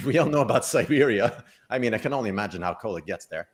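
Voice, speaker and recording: A man's voice: fairly low pitch, lively intonation, fast talker. A man co-hosting a casual chat show, rambling and breaking off mid-sentence. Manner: rambling, self-interrupting, laughs at own jokes. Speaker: psychic co-host.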